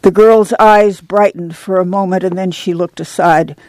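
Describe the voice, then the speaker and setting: A reader narrating a novel in a steady, measured storytelling manner. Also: medium pitch, no echo. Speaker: audiobook narrator.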